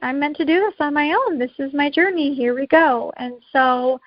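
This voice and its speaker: A woman's voice: high voice, moderate pace, dry recording, dull audio. A woman co-hosting a podcast, earnestly telling her own emotional birth story. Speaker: podcast co-host.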